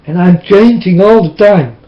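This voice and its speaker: A high-voiced man whose first language is Dutch pleads slowly and with emotion, his talk drifting into preaching. He speaks into a webcam, and the sound comes through dull and lo-fi. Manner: impassioned, tearful, repetitive preaching. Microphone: webcam mic.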